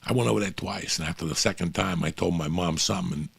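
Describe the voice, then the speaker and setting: A middle-aged man from Cuba hosting a podcast, telling stories in a loud, profane, animated way and acting out his relatives' voices. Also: low-pitched, fast talker, vocal fry, breathy edge, no echo. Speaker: podcast host. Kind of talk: casual storytelling chat.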